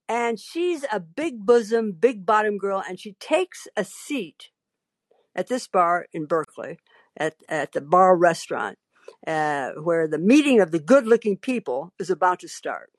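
A woman hosting a call-in podcast tells a story with wry, theatrical timing. She acts out the people she met in quick little voices. Her voice sits in a middle range and sounds close and dry, with no room around it. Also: mid-range voice, no room sound. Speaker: podcast host. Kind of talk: storytelling monologue.

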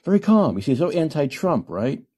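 A man's voice: a little high, big pitch swings, a little fast, warm tone, husky. A man hosting a call-in podcast, ranting emphatically and repeating himself for effect. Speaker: podcast host.

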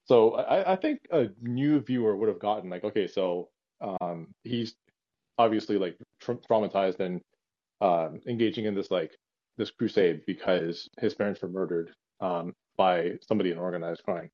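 A man's voice: sits low, normal speed, no echo, highs cut off. A man co-hosting a casual podcast chat, rambling with many fillers and restarts. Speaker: podcast co-host.

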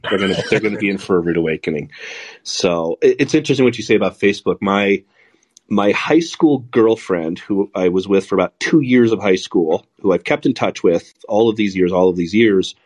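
Sardonic husky-voiced male podcast host. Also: fairly low pitch, brisk. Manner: sardonic, profane, animated. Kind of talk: casual political chat.

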